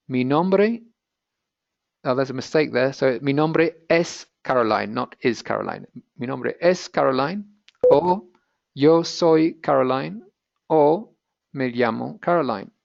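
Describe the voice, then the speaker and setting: A man with a gravelly, medium-pitched voice teaches a Spanish lesson over a webinar, explaining things practically and conversationally with asides. The recording is dry, and the webinar audio sounds dull and lo-fi.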